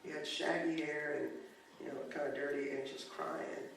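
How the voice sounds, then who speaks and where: A man preaching a sermon in a church, telling a story in a calm voice that builds to loud, impassioned preaching. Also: on the high side, moderate pace, vocal fry, recorded from a distance, a little hiss or hum. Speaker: guest preacher. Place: church sanctuary. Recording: very echoey church hall, picked up from afar.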